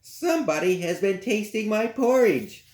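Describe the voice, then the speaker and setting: A man voicing a prim middle-sized mother bear in a high falsetto. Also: lively intonation, normal speed, darkish tone. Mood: fussy. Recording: roomy echo.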